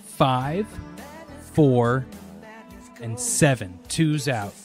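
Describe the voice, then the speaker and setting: A man's voice: mid-range voice, expressive, very slow, darkish tone, faint music behind. A man co-hosting a casual podcast, with dry, wry humor. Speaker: podcast co-host. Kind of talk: casual chat.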